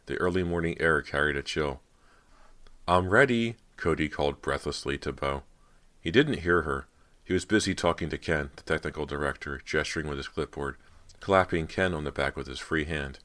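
A man's voice: a little fast, fairly bright tone. A man narrating a horror audiobook, reading every part himself and raising his voice for dialogue. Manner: reads all parts, lifting pitch and volume for dialogue. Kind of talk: scripted narration.

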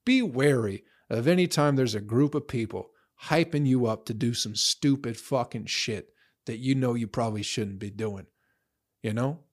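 A man's voice: mid-range voice, normal speed. A young man in a profane, rambling casual rant, blunt, tossing in "bro" and "you know" often. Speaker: vlogger.

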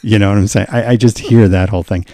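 A man's voice: on the low side, fairly even intonation, quick pace, warm tone, no echo, studio quality. A man co-hosting a podcast, chatting loosely and laughing often. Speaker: podcast co-host. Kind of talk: casual chat.

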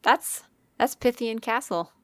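A woman's voice: on the high side, animated, a little slow, a bit bright, clean tone, dry recording. A woman co-hosting a podcast, telling a ghost story in casual chat, swearing freely and using lots of fillers.

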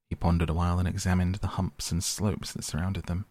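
A man reading a bedtime audiobook softly and unhurriedly. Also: sits low, level tone, a little fast, hardly any pauses, no room sound. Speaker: podcast audiobook reader.

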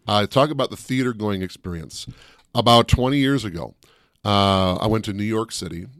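Animated storytelling man, dry close sound. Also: fairly low pitch, normal speed, no room sound. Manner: animated storyteller, shouts out quoted voices. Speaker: co-host. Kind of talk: casual chat.

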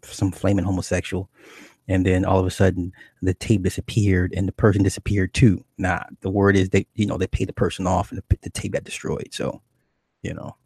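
A man's voice: sits low, darkish tone, breathy edge, dry recording, studio quality. A man hosting a livestream, chatting casually and in a rambling, profane way, reading viewers' comments aloud. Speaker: livestream host.

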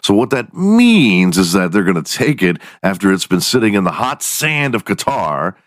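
A man's voice: on the low side, normal speed, no room sound. A man hosting a podcast, ranting casually with lots of swearing and sarcasm. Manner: profane, animated, sarcastic. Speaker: podcast host. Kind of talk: casual comedic rant.

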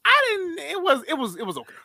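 A man's voice: very high voice, huge pitch swings, quick pace, bright, forceful tone. A man co-hosting a casual podcast, laid-back and chiming in with short remarks. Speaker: podcast co-host. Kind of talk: casual chat.

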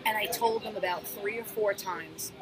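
A woman's voice: mid-range voice, moderate pace. Blunt New woman telling bar stories. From Astoria, Queens, New York. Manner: lively, blunt and profane, acts out shouting in her stories. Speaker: bartender, guest. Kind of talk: animated storytelling in casual conversation. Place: outdoors at a street-side table. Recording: street traffic noise outdoors.

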